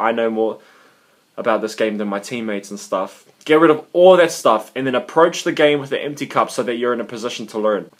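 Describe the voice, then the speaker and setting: A young man giving casual advice in a vlog, animated and cursing freely, acting out his own reactions as he tells a story. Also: on the high side. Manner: animated, swearing, acts out quoted reactions. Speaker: gaming coach and video creator.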